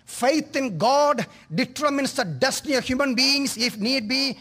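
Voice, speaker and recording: High-voiced man preaching fervently. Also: unhurried, few pauses, pushed and bright. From India. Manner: impassioned, rising to fervent cries. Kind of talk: sermon.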